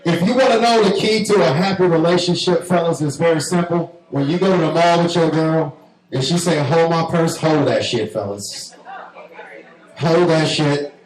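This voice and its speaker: A man's voice: fairly high pitch, normal speed. A man from New Orleans with a New Orleans accent doing a profane, brash stand-up comedy set and working the crowd on a club stage. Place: club stage before a live audience. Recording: echoey club with audience noise.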